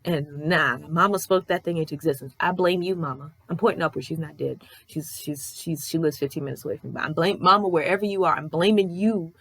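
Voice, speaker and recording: Young woman vlogger, lowish voice, dry close sound; candid, cussing, rambling storyteller. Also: a little fast, hardly any pauses, fairly bright tone, no echo. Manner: acts out other people's lines in quoted voices. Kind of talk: casual life-update chat.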